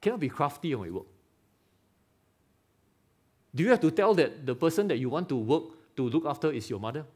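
A man preaching a lively sermon in Singaporean English, firing rhetorical questions and teasing members of the congregation by name. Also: a little high, a little fast, long pauses, slightly rough. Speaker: pastor. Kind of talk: live sermon. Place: church hall.

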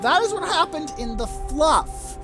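An animated gamer talks the viewer through a strategy campaign, swearing freely along the way. The pitch leaps around a lot. Game music plays clearly underneath the desk-mic commentary. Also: a little slow. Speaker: let's play gamer. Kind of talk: casual gameplay commentary.

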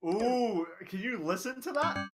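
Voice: mid-range voice, lively intonation, measured pace. An off-camera friend chatting casually with a game streamer, teasing and laughing as they chime in. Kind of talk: casual chat.

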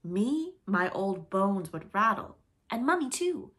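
A woman's voice: medium pitch, expressive, a little fast, close to an everyday voice. A woman doing a cocky boy playing father. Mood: cheerful.

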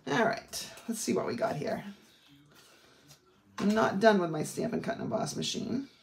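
A woman's voice: mid-range voice, animated, normal speed, gravelly, noisy background. A middle-aged woman with a Maine accent, demonstrating a craft technique in a chatty way with rambling asides. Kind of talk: craft tutorial. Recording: roomy echo.

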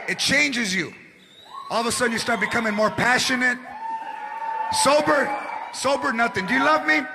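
Loud high-voiced comedian, gravelly, crowd noise. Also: male voice. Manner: loud, shouting punchlines, acts out drunk characters. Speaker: stand-up comedian. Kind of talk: stand-up comedy routine. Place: large theater stage before a live audience. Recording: live theater recording with crowd noise.

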